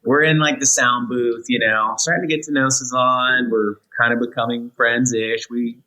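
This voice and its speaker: A bright, forward-sounding man in his thirties, a guest on a chat podcast, telling a story with plenty of energy. He jumps into playful put-on voices whenever he quotes someone, and his voice rises and falls a lot. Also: mid-range voice, normal speed, poor audio. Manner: lively, acts out quotes in a put-on voice. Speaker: guest, author. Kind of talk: animated storytelling.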